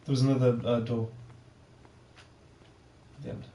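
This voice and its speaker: A man's voice: mid-range voice, little pitch movement, moderate pace, warm tone, far from the mic. A man co-hosting a game playthrough, chatty and teasing, laughing often. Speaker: let's play co-host. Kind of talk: casual gaming banter. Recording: roomy, faint noise.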